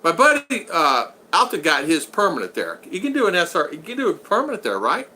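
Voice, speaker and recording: A man's voice: a little high, huge pitch swings, brisk, sharp tone, slight background noise. A man hosting a casual livestream, reading out viewer comments and rambling through jokey stories with frequent laughter. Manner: rambling, jokey, laughs often, retells stories with quoted voices. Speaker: live stream host.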